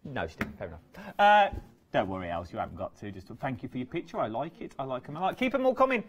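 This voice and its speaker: A man's voice: medium pitch, fast, husky. A man presenting crafts on a live TV shopping channel, chatty and playful. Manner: chatty, playful, lively banter. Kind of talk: live TV sales chat. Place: TV studio.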